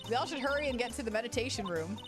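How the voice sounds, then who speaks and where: Woman doing a peppy young photographer gal, high voice, loud, excitable, bouncing pitch. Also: racing, over loud music, lightly acted. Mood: excited.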